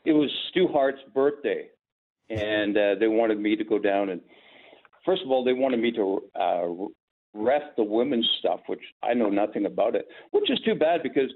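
Lively older man telling stories. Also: fairly low pitch, normal speed. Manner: animated anecdotes with acted-out quotes. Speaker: guest, former sportscaster. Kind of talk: storytelling interview. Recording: tinny phone-like line.

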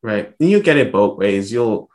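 A man from St. Thomas in the U.S. Virgin Islands, an author talking through his answers in a thoughtful, measured way with pauses and restarts during an interview. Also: lowish voice, expressive. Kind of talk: casual interview conversation.

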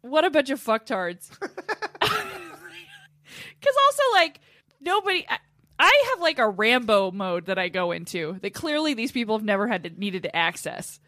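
A woman's voice: on the high side, very animated, normal speed, fairly bright tone, no room sound, clean studio sound. A woman co-hosting a podcast in casual comedic chat, laughing often, swearing and telling stories with animation. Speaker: podcast co-host.

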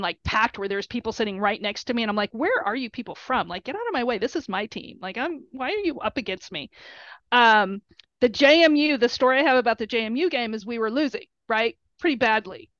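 A middle-aged woman, a player's mother, telling animated stories in an interview and acting out quotes in a shrill high voice. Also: dry recording. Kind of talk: storytelling interview. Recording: dull lo-fi recording.

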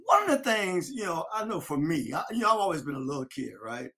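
A man telling a lively story about his youth football days, acting out his old coach. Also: fairly high pitch, fast talker. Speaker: former football player. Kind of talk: storytelling interview.

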